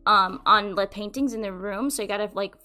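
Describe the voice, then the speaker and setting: A young adult woman hosting a podcast, telling a rambling, animated story in casual chat and swearing freely. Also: medium pitch, a little fast, soft background music. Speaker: podcast host.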